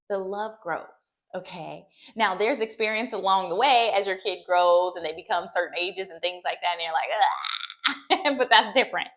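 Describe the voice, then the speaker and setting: A woman's voice: medium pitch, a bit bright. A woman speaking as a therapist and mother, giving earnest, reassuring advice to camera and often checking in with "okay?". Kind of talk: heartfelt talk to camera.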